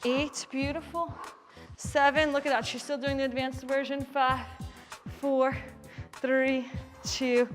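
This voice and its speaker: A high-pitched woman leads a kettlebell workout class, calling out counts and cues while she demonstrates the moves. Her voice rings with a long reverb, and faint music plays underneath. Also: flat delivery, slow, long pauses. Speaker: fitness instructor. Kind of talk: live workout class coaching.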